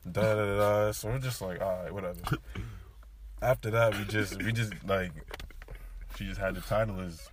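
A young man casually telling a story among friends, animated and full of slang, acting out what others said. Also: on the low side, normal speed, long pauses, noisy background.

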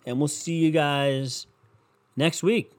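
A man's voice: fairly high pitch, fairly even intonation, takes it slowly. A young man hosting a casual solo podcast, rambling on and swearing constantly, with lots of "like" fillers. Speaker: podcast host.

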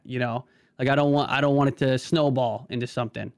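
A man's voice: mid-range voice, fairly even intonation, quick pace, gravelly, dry recording, clean studio sound. A man talking casually as a podcast guest, stammering and restarting often, with many "like" fillers. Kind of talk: casual conversation.

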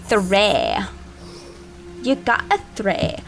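A woman's voice: mid-range voice, sing-song, drawn-out words, vocal fry, faint music behind. A woman narrating a tabletop game as game master, chatty and hesitant, with many fillers.

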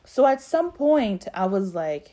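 A woman's voice: medium pitch, big pitch swings, a little slow, warm tone. A young woman hosting a podcast, telling a story in casual chat and acting out the quotes with big jumps in her voice. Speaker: podcast host.

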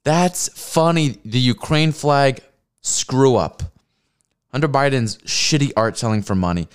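Lively, smooth-voiced man ranting on a podcast. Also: mid-range voice, a little slow. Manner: profane, rambling, mocking. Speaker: podcast host. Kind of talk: solo comedy podcast rant.

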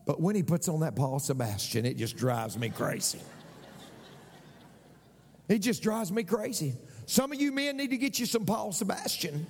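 A man's voice: high voice, big pitch swings, moderate pace, darkish tone, long reverb tail, slight background noise. A man preaching a sermon as pastor, repeating phrases and asking the congregation for an amen.

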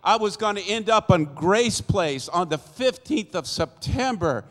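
A man's voice: a little high, a bit bright. A man in his sixties telling his life story as a church testimony in a folksy storytelling way, acting out the people in it. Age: 60s. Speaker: church speaker giving testimony. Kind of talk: sermon-style personal testimony. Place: church sanctuary. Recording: long church-hall reverb.

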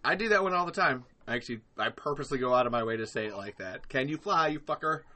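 A man chatting casually as a podcast guest, animated, profane and quick to laugh. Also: mid-range voice. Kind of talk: casual chat.

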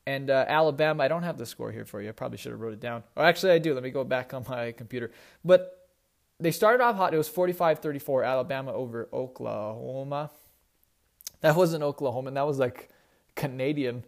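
A young man hosts a casual solo sports talk podcast, rambling conversationally and correcting himself along the way. He talks fast in a medium-pitched, gravelly voice.

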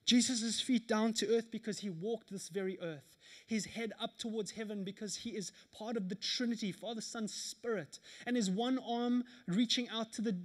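A man in his thirties preaching a sermon at a church service, telling stories in an animated way with laughter. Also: high-pitched. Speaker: pastor.

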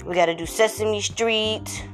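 Woman podcast host, casual slangy chat, bursts into chants, mid-pitched voice. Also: fairly even intonation, unhurried, faint music behind. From Texas. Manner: hyped, sing-song chanting, slangy.

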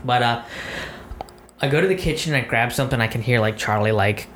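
A man's voice: medium pitch, fairly quick, fairly bright tone. A man co-hosting a podcast, telling a long story in a casual, rambling, profane way, full of fillers. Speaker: podcast co-host. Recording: echoey room with faint noise.

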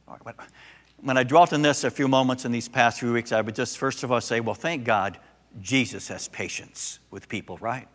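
An older man, a pastor, preaching a sermon and telling a story with animated, acted-out voices. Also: medium pitch, normal speed, big-room sound.

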